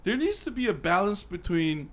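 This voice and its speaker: A man co-hosting a casual review chat, excitable and rambling, teasing his co-host and swearing. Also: high-pitched, normal speed. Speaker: podcast co-host and film reviewer.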